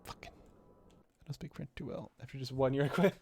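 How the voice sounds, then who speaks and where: A man's voice: medium pitch, normal speed, darkish tone, husky. A man streaming a game live, chatting casually and swearing as he thinks aloud. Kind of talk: live gameplay commentary.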